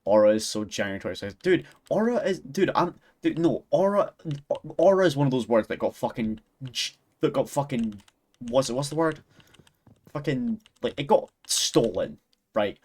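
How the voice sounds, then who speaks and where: A man's voice: mid-range voice, animated, normal speed, darkish tone. A young Scottish man streaming live, chatting casually with viewers in a rambling, sweary way, often breaking into giggles. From Scotland.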